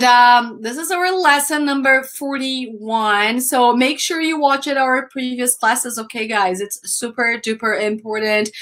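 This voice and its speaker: Bright upbeat Brazilian woman teaching. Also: on the high side. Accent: Brazilian Portuguese. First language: Portuguese. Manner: chatty, upbeat, laughs often. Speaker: English teacher. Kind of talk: live online lesson.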